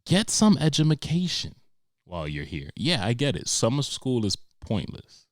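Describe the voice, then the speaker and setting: A young man, hosting a podcast and telling comic stories in a profane, animated way with sarcastic asides. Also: on the low side, moderate pace, dry recording, studio quality. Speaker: podcast host. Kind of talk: comedic monologue.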